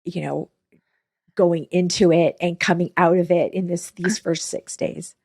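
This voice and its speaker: A woman interviewing a guest in a casual chat. She is friendly, laughs along, and asks gentle follow-up questions. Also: lowish voice, fairly even intonation, measured pace, no echo, clean studio sound.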